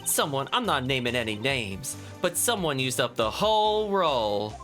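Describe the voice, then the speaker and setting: A man reading a brash southern woman photographer aloud in a put-on Southern drawl, slow and sassy. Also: medium pitch, sing-song, fairly bright tone, soft background music.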